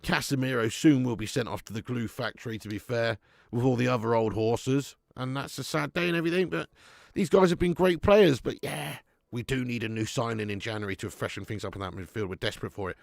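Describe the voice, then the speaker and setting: A man hosting a live football watch-along, bantering loudly, swearing and reading out chat messages on a close mic. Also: mid-range voice, fairly quick, vocal fry, dry recording. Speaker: fan channel host.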